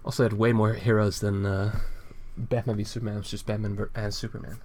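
A man's voice: on the low side, flat delivery, fast talker, a little mellow, a little hiss or hum. A man co-hosting a casual podcast, rambling and laid-back, swearing and laughing often as he walks through a comic. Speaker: podcast co-host reviewing a comic. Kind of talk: casual chat.

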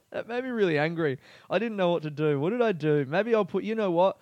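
A man's voice: sits high, lively intonation, quick pace, darkish tone, dry recording. A young man, a comedian, talking through a candid, rambling personal monologue full of fillers and swearing. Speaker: comedian podcast host.

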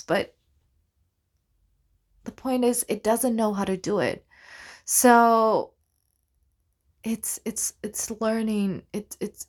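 An earnest woman talks through a reflective solo podcast at a slow, unhurried pace. She is thoughtful and sincere, often stopping and restarting her phrases. Her pitch sits in a middle range for a woman. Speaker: podcast host, actor.

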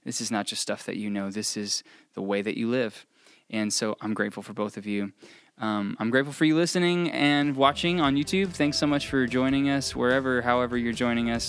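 A man's voice: mid-range voice, brisk, hardly any pauses, a bit bright, faint music behind. A man hosting a podcast, chatting casually in an encouraging, thankful way. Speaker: podcast host. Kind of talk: casual chat.

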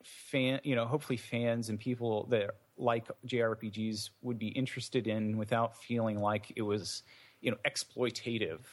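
A man's voice: medium pitch, level tone, normal speed. A man, an indie game developer, answering interview questions in a thoughtful, meandering way with many fillers and restarts.

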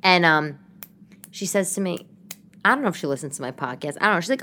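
A woman's voice: lowish voice, lively intonation, fast, pauses often, pushed and bright. A middle-aged woman from New York hosting a casual solo podcast, rambling through comic stories and asides. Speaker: podcast host.

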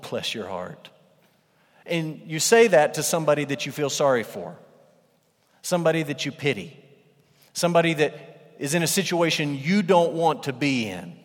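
Male pastor, sermon delivery, emphatic and repetitive, mid-pitched, long hall reverb. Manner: emphatic, repeats phrases for weight.

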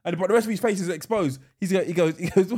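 With a high voice and a quick pace, a man co-hosting a podcast tells a rambling, laughing, animated version of a film scene in casual chat.

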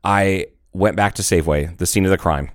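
A man co-hosting a podcast, trading casual jokes and laughing as he talks. His usual voice sits fairly low, though he leaps up high for gags. The sound is dry and close to the mic, with no room around it. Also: fairly quick, no echo. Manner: joking, laughs often, bursts into high-pitched bits. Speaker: podcast co-host.

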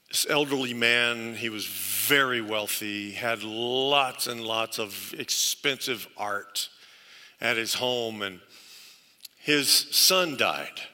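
Slow, bright-voiced male pastor preaching. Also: mid-range voice, big-room sound. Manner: earnest storytelling with emphatic repetition. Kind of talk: sermon.

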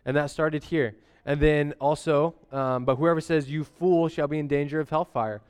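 A man's voice: fairly high pitch, steady tone, normal speed, darkish tone, clean tone. A young adult man giving a casual, conversational sermon as a pastor, using slang and frequent "amen?" asides.

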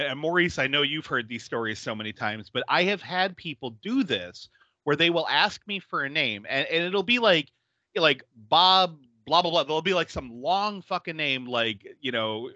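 A man hosting a casual movie recap podcast, telling stories in an animated way, laughing often and swearing freely. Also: on the high side, moderate pace, no echo, highs cut off. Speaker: podcast host.

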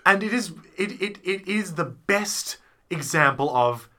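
Male co-host, casual and rambling, bright voice, fairly high. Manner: rambling and animated, slips into quick silly voices. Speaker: podcast co-host reviewing theatre shows. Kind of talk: casual chat.

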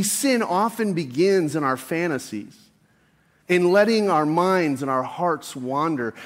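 A man pastor preaching a morning sermon, slowing down to repeat key lines for emphasis and rising in force as he reads scripture. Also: on the high side.

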